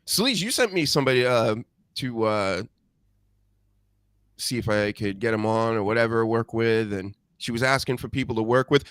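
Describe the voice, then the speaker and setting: A man's voice: medium pitch, lively intonation, normal speed, fairly bright tone, clear, resonant tone, no echo. A man from New England hosting a live-stream show, chatting bluntly with crude jokes. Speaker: host. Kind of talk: casual live-stream chat.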